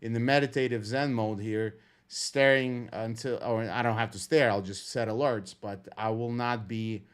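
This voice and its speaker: A man giving casual, rambling commentary on a live trading stream, calm and low-key, swearing freely and full of fillers and restarts. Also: normal speed, smooth.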